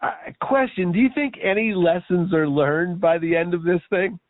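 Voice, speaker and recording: A man's voice: high voice, moderate pace, no room sound. A man co-hosting a casual movie review chat, asking probing questions and summing up the plot. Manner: probing, asks leading questions, summarizes. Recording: tinny phone-like dry sound.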